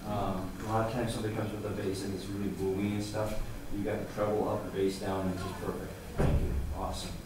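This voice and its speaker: A man's voice: lowish voice, flat delivery, fast talker, hardly any pauses. A man coaching a brass ensemble, encouraging and singing out rhythms. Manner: encouraging, sings rhythms aloud. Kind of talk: music clinic coaching. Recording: echoey hall, voice from far off, noisy.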